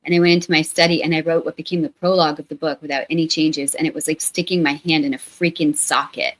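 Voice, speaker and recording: A woman author in a casual interview, talking in an animated, playful way and acting out quotes. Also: sits low, fast, rough recording.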